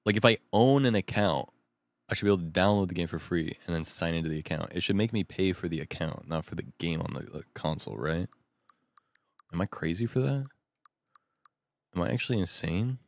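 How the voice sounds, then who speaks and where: A young man rambling excitably in casual chat at home at night. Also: sits low, brisk, dry recording. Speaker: vlogger.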